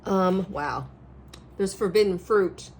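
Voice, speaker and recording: A woman reading tarot cards in a rambling, animated way, her voice a little hoarse, often checking in with the listener. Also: mid-range voice, slow. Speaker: tarot reader. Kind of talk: casual spiritual reading to camera.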